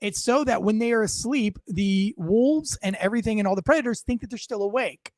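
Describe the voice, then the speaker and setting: A man's voice: high voice, brisk, a little mellow, no room sound. Brief: male police officer as a podcast host, blunt and profane, leading questions, in a dry, close recording. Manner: explains with analogies, asks leading questions. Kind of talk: casual interview conversation.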